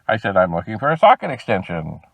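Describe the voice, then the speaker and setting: Animated man telling an exasperated story. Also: fairly low pitch, quick pace, creaky, slightly rough, dry recording, rough recording. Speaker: video host. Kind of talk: storytelling vlog.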